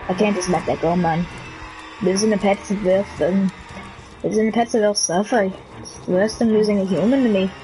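A woman's voice: mid-range voice, steady tone, normal speed, mellow, poor audio. Playful woman streaming a game. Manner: playful, joking, talks to other players. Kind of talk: live gameplay commentary. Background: game music.

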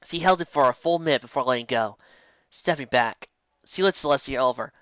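A woman reading fan fiction aloud in a lively storybook narration with casual asides. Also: a bass voice, fairly quick, no room sound. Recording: dull lo-fi dry home recording.

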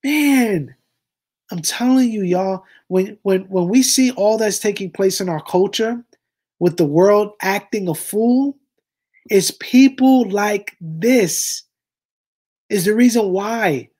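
A man's voice: high voice, slow, darkish tone. A man hosts a reaction commentary in a fervent, preaching manner. He talks directly to his audience and pushes each point hard. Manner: impassioned, preachy, addresses listeners as "y'all". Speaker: commentary host.

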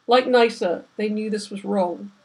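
A woman's voice: medium pitch, unhurried, darkish tone, slightly rough. A woman, the author, reading aloud from her novel with vivid, dramatic storytelling. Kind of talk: literary reading.

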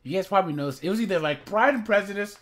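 A man casually rambling in reaction commentary, speaking slowly and often calling his viewers "guys" and "man". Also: sits high, lively intonation, fairly bright tone.

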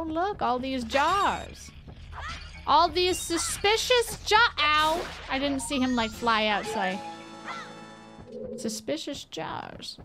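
A woman gaming streamer giving casual let's-play commentary, excitable and goofy, swearing freely and chatting with her viewers. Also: high-pitched.

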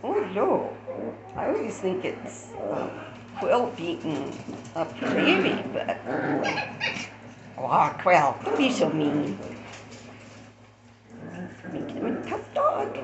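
A woman's voice: wildly swooping pitch, slow, long pauses. Sing-song woman cooing at her dogs. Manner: high sing-song baby talk to dogs. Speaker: dog owner filming her pets. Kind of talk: casual chat to dogs. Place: home with dogs. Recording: echoey room with loud background noise.

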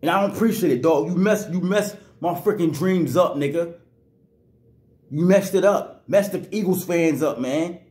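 Man, angry sports rant, raised pitch, roomy echo. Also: moderate pace, a little mellow. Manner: angry, repetitive, slangy. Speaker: sports vlogger.

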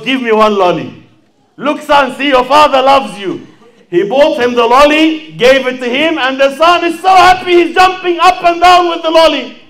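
A Sydney man preaches an impassioned fundraising sermon, calling out to the crowd and acting out a story. His voice is extremely high-pitched and a bit bright.

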